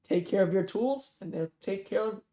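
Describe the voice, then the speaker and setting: A reader voicing a calm, cold-blooded female killer who speaks in dry, matter-of-fact tones in a thriller read aloud. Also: medium pitch, normal speed, pitched above the performer's own voice, lightly acted.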